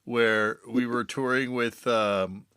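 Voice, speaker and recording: A man who is a touring musician, talking in a relaxed, reflective way as a podcast guest, with filler words. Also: mid-range voice, slow pace, smooth, no room sound, clean studio sound. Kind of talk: casual conversation.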